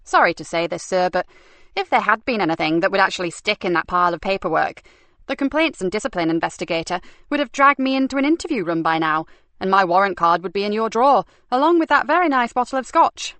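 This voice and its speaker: A woman's voice: mid-range voice, animated, fast talker, fairly bright tone, no room sound. A woman voicing a tough, sardonic woman detective inspector in an audiobook. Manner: sardonic, defiant.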